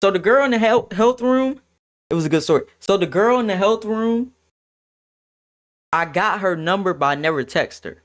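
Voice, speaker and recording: A young man streaming a casual storytime to his chat, animated and laughing, acting out what others said. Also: high voice, normal speed. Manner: animated, laughs, quotes others in shifting voices.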